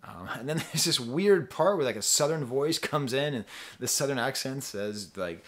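A man's voice: lively intonation, moderate pace. A man casually reviewing an album, rambling, interrupting himself and trailing off as he thinks aloud. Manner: rambling, self-interrupting, sings snippets in falsetto. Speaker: music reviewer.

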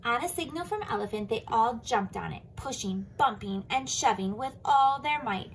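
A woman teacher reading a picture book aloud to children and explaining it in a lively way. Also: on the high side, moderate pace, slight background noise, low-quality recording. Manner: animated, explaining to kids.

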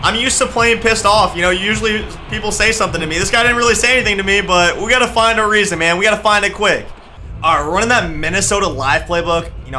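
Casting: young male gaming YouTuber, high, very bright voice, hypes up every big play, light background noise. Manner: excitable, trash-talking, shouts at big plays. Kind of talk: gameplay commentary.

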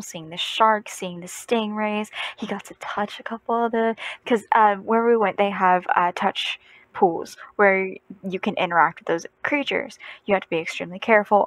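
A woman's voice: medium pitch, no echo, low-quality recording. Young woman vlogging, casual storytelling, rambling and self-correcting, dry close-up sound.

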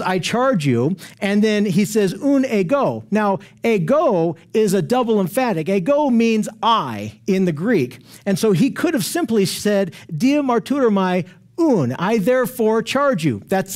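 A man with a fairly high voice teaching a verse-by-verse Bible lesson. He explains slowly and carefully, and he often rephrases and repeats himself to drive a point home. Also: a little mellow.

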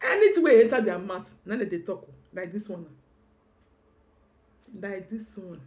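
Nigerian woman, rapid and scolding. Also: medium pitch, very animated, a little mellow. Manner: rapid, mixing languages, scolding. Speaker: guest. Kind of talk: heated conversational exchange.

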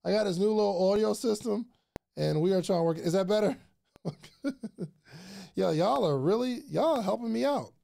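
A man hosting a casual livestream about podcasting, excitable and chatty, often repeating his phrases to the viewers. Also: sits high, normal speed, creaky, pauses often. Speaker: podcast host giving advice.

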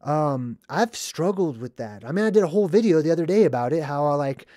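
Male film vlogger, earnest and emphatic, slightly high voice, dry close recording. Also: expressive, warm tone, no echo. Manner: earnest, emphatic, drawn-out stresses on key words. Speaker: movie commentary vlogger. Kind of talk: casual commentary on a film.

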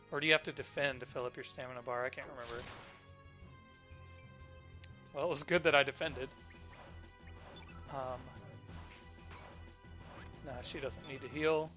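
A man's voice: a little high, bright, forceful tone. A man hosting a let's play, thinking aloud and easily delighted as he plays. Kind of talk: casual gameplay commentary.

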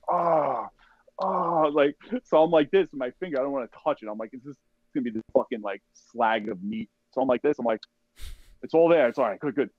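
A man's voice: mid-range voice, no echo. A man, a podcast guest and army veteran, tells a war story in casual, profane language, acting out what others said and leaning on "like" and "you know". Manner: profane, animated retelling with acted-out quotes; heavy use of "like" and "you know". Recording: dull, dry podcast audio.

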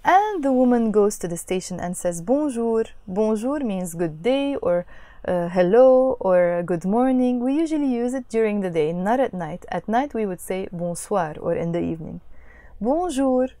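A woman teaching a language lesson, patiently explaining and repeating phrases slowly. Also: medium pitch, lively intonation, warm tone, dry recording.

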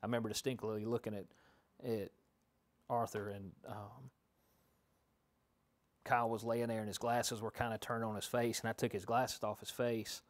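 A man's voice: fairly low pitch, level tone, normal speed. A man, a law enforcement officer, giving a detailed, rambling account with fillers in a documentary interview.

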